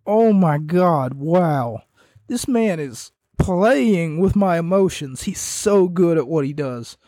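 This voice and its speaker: A young man giving a rambling, casual wrestling recap that grows animated as he retells the scenes. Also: sits high, dry recording, clean studio sound. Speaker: wrestling commentator.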